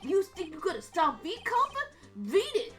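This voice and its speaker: A woman doing a gruff Staten Island thug. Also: very high-pitched, big pitch swings, normal speed, fairly bright tone, soft background music, pitched above the performer's own voice, exaggerated voice. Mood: threatening. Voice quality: gruff, tough-talking.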